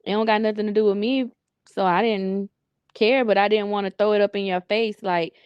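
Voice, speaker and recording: A woman's voice: mid-range voice, steady tone, brisk, clear, resonant tone, dry recording, lo-fi sound. Laughing woman in a dry-sounding recording. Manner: laughing, acts out phone calls, swears. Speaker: podcast co-host. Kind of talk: casual gossip chat.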